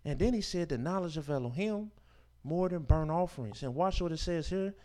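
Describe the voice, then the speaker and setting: A man teaching a scripture class as a sermon, reading verses aloud and explaining them with emphatic, informal preaching that swings from loud declarations to quiet asides. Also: on the high side, expressive, a little fast. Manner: informal speech with dropped verb endings and rhetorical questions.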